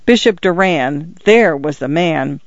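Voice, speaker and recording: A quarrelsome older housekeeper grumbles in a lifted, sharp-edged voice, as a man puts her on. Her complaints come thick and fast, and the recording is dry and a little muffled. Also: fairly high pitch, expressive, dry recording. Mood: grumbling. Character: fussy, quarrelsome older woman, a priest's housekeeper. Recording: dull lo-fi recording.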